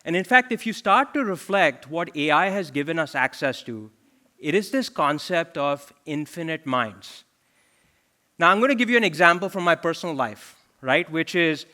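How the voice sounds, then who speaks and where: A man in his forties delivers a keynote from a conference stage, with a bright, slightly high voice. He talks in a loose conversational way and keeps turning to the audience with questions. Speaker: chief product officer giving a keynote. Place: large conference hall.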